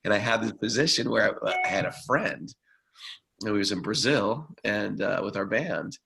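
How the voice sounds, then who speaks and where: A man co-hosting a podcast, telling a story in a lively, casual way and acting out the quotes. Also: on the low side, normal speed, creaky, background noise. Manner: animated storyteller, acts out quotes. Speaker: podcast co-host.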